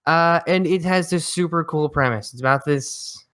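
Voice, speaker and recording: A man's voice: on the high side, fairly bright tone. Blunt, wry male podcast host. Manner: quick, blunt and wry, reads titles aloud. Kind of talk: casual podcast chat.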